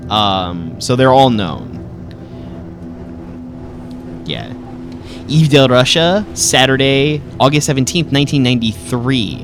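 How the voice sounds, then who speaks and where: Chatty animated male let's-play host. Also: medium pitch, a little slow, over music. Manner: chatty, joking, thinks aloud. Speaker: gaming host. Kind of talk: casual let's-play commentary.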